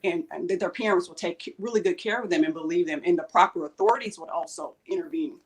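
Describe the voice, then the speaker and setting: A woman's voice: fairly low pitch, fast, husky. A woman guest on a talk show, answering earnestly and directly about her life. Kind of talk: interview answers.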